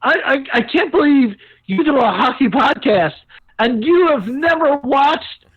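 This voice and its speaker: A woman's voice: high-pitched, expressive, a little slow. A woman co-hosting a podcast in casual chat, teasing and swearing often. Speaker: podcast co-host. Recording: dull lo-fi sound.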